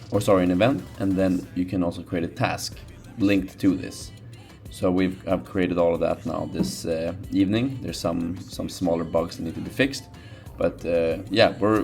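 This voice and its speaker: Brief: twenties male vlogger, low voice, easygoing and unscripted, many fillers. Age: 20s. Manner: relaxed, rambling, many fillers and restarts. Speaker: entrepreneur vlogger. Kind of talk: casual vlog narration.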